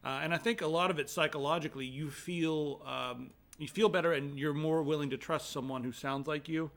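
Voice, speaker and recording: A young man co-hosting a casual chat show, telling stories animatedly and dropping into quick impressions. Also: on the high side, gravelly. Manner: animated storyteller who slips into quick voice impressions. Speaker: co-host.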